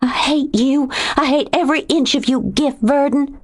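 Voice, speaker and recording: A high, sharp-tongued young woman full of pride and temper, as a woman narrator puts her on. Her voice leaps upward and snaps with indignation in this audiobook scene. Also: animated, unhurried. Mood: indignant. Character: fiery proud young woman.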